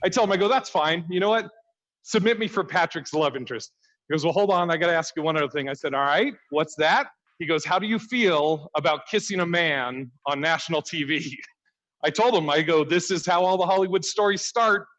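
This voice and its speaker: A man's voice: sits high, brisk, a bit bright, muffled recording. A man doing a stand-up comedy set over a video call, telling a story, swearing freely and laughing at his own punchlines.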